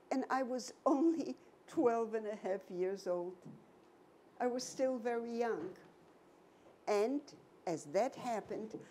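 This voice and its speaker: A woman in her nineties giving a personal testimony to an audience, telling her story slowly and emphatically with many repetitions. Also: mid-range voice, mellow, slight background noise. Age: 90s. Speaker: Holocaust survivor giving a talk.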